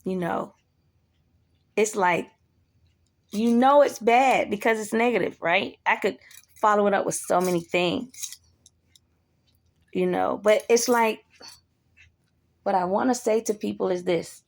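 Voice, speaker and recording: A woman's voice: medium pitch, unhurried, creaky, pauses often. A woman talking casually to camera in a blunt, profane way, animating the people she quotes. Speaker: vlogger. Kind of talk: casual monologue.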